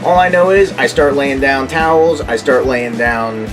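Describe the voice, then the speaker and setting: A man's voice: mid-range voice, a little slow. A young man, a YouTuber, giving casual, candid reaction commentary and telling stories with some swearing. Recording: voice with background music.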